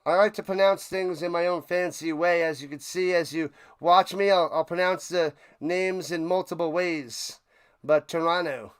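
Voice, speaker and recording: A man with a New York accent live-streams a football watch party, calling plays playfully and rambling between game action and snack talk. His voice is fairly high with vocal fry and a clean tone.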